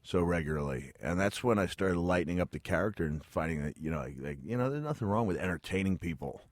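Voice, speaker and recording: A middle-aged man with a very low voice talks as a guest on a studio radio interview. He tells long stories in a chatty, self-deprecating way and laughs often. The sound is close and dry. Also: lively intonation, fast, no room sound. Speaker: guest, retired pro wrestler. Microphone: studio mic.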